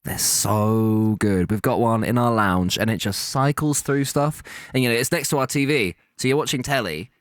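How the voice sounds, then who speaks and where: A man's voice: medium pitch, normal speed, dry recording, clean studio sound. A young man co-hosting a casual chat, telling stories and acting out the quoted voices. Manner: animated storyteller, acts out quoted voices, laughs often. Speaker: podcast co-host.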